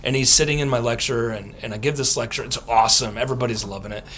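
A man, a theologian and author, answering podcast interview questions with lively storytelling, often laughing and acting out what others said. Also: mid-range voice, fast talker, slight background noise. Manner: animated, laughs often, acts out quotes.

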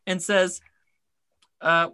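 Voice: mid-range voice, level tone, extremely slow, sharp tone, clear, resonant tone, dry recording. A podcast co-host chatting casually about a TV episode, rambling with lots of fillers and wry asides.

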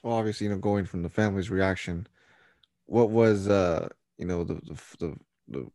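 Brief: male interviewer, low mellow tone, dry sound, fumbling for words. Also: moderate pace, no room sound. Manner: searching, repetitive, filler-heavy. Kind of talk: casual interview questions.

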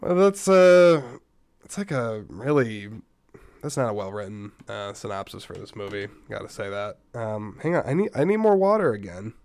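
A man's voice: on the low side, big pitch swings, moderate pace, a little mellow, clear, resonant tone, no echo. A man hosting a casual solo podcast, a bit tired while getting over a stomach bug, chatty and rambling with frequent asides and restarts. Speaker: podcast host.

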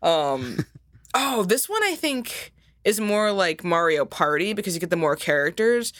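A woman's voice: lowish voice, very animated, measured pace, no room sound. A woman co-hosting a podcast in casual chat, giggly and playful, often breaking into character voices. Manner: giggly, playful, jumps into impressions. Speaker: podcast co-host.

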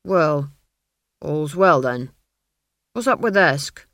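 A woman voicing a hesitant village blacksmith man who talks in a halting, unsure way. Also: low-pitched, animated, fairly bright tone, no echo, clean studio sound, heavily acted. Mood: flustered.

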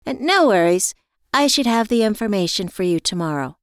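A woman's voice: medium pitch, expressive, fairly quick, no echo, clean studio sound, voice pushed up, lightly acted. Woman doing a chirpy phone contact.

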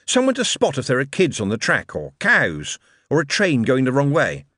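A man's voice: mid-range voice, huge pitch swings, normal speed, sharp tone, no echo, studio quality, heavily acted. A man voicing a glib, charming male showman who talks in a persuasive, theatrical, emphatic way. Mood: earnest.

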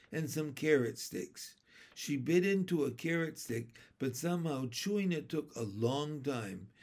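A man narrating a children's chapter book aloud in a steady, gentle storytelling way. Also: medium pitch, gravelly. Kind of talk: audiobook narration.

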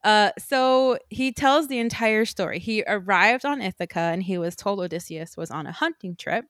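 A woman co-hosting a podcast, casually recapping a novel in animated chat. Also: medium pitch, normal speed, dry recording, studio quality. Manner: animated, acts out characters in quotes.

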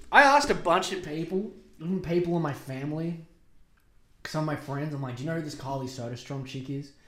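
A man's voice: mid-range voice, fairly bright tone. Sarcastic young Australian man, echoey room. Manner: sarcastic and profane, rambling asides. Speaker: podcast host. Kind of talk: casual solo podcast rant.

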